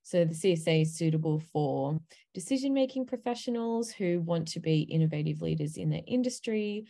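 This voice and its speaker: A woman speaks on an online panel with a low, mellow voice. She walks through a course one part at a time, filling pauses with ums. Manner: many ums, steady explaining pace.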